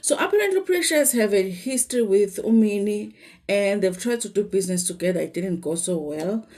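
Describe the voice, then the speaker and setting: A woman's voice: medium pitch, expressive, a little fast, a little mellow. A South African woman with a Zulu accent, chatting casually to viewers in a gossipy recap, with many fillers and some Zulu mixed in. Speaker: reality TV commentator.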